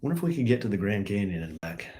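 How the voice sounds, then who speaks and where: A man's voice: fairly low pitch, very animated, very fast, dark tone, a little hiss or hum. An older man, chatting easily as co-host of a live stream. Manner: easygoing, coos at the dogs. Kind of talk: casual chat on a live stream.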